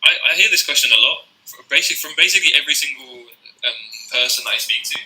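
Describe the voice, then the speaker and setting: A man's voice: on the high side, animated, fast, sharp tone, rough recording. A man from the south of England with a southern English accent, a teacher chatting casually on a live stream and often repeating words as he starts a sentence. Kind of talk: casual conversation.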